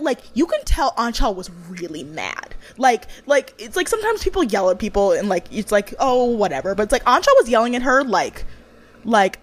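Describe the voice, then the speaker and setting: A young woman co-hosting a podcast, chatting casually, laughing, ranting and swearing as she recaps a reality show. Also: fairly high pitch. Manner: animated, swears, laughs, rants, mimics voices. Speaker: podcast co-host.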